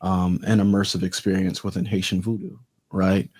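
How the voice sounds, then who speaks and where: A man hosting a casual podcast interview, asking questions in a halting way, often repeating words. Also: low-pitched, level tone, darkish tone, husky. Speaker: podcast host.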